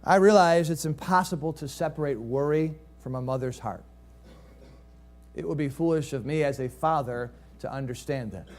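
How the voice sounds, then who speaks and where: Higher-voiced male pastor preaching. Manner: storytelling with rhetorical questions to the congregation; swings between lively rises and quiet, hushed drops. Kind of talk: sermon.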